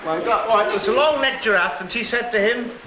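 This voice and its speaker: A man's voice: high-pitched, fast talker. A man reading a story aloud to children in a playful, teasing way, full of sound effects. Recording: lo-fi echoey room with loud noise.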